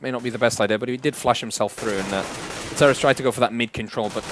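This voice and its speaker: A man casting a competitive shooter match at a rapid clip, calling each play as it unfolds. Faint gunfire and game sounds sit underneath his voice. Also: medium pitch, background noise. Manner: fast, excitable play-by-play. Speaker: esports caster. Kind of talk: live game commentary.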